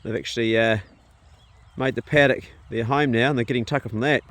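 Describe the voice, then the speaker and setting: Male homesteader, relaxed vlog chat outdoors; talks to his animals; farm animals audible. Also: mid-range voice, fairly quick, a little hiss or hum. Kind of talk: casual outdoor vlog commentary. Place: outdoors on a rural farm paddock. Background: sheep and dogs nearby.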